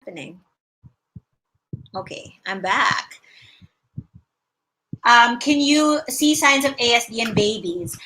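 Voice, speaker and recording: A woman's voice: a little high, lively intonation, slow, pauses often, sharp tone, low-quality recording. A Filipino woman, a speech-language pathologist, giving casual livestream advice in a mix of English and Tagalog and explaining patiently. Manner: explains patiently, demonstrating mouth sounds with emphasis; greets viewers by name.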